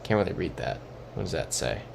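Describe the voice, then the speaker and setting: This young streamer's voice sits low and is expressive, fairly quick, and marked by vocal fry, with background noise behind it. He's playing a geography guessing game, muttering casually as he thinks aloud and reads chat, typical live-stream commentary.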